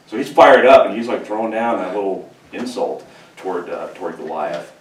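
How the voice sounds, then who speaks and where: A man from California, a pastor, preaching a humorous, conversational sermon with animated storytelling. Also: low voice, moderate pace. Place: church sanctuary. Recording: echoey church room, distant mic, faint hiss.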